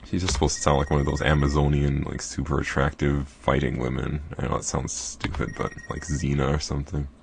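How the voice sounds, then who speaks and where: A man's voice: extremely low pitch, completely flat delivery, brisk, gravelly, few pauses, slight background noise. A man hosting a let's play, chatting casually and apologetic over the gameplay. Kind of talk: casual game commentary. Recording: faint game music behind.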